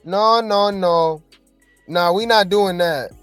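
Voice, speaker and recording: A woman's voice: mid-range voice, takes it slowly, clean tone, dry recording, faint music behind. A woman hosting casual reality-TV gossip commentary, chatty and skeptical, talking straight to her viewers.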